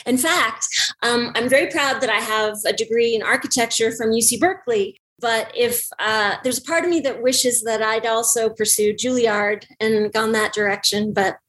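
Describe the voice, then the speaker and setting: A middle-aged woman talks as a guest in a casual interview, bubbly and quick to laugh. Her voice sits fairly high for a woman. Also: fairly bright tone, low-quality recording.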